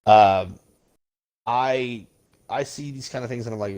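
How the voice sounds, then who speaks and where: A man's voice: mid-range voice, unhurried, a little mellow. A man hosting a podcast, ranting casually and bluntly about politics with plenty of swearing. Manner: blunt, profane, heated. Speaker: podcast host.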